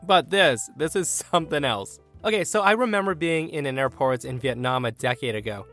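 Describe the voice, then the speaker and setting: Give me an animated man reading a story aloud over soft music. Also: fairly high pitch, fairly quick. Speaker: story narrator.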